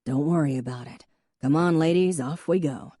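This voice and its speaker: A woman voicing a calm, kind man who speaks low and easygoing. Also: normal speed, no echo, clean studio sound.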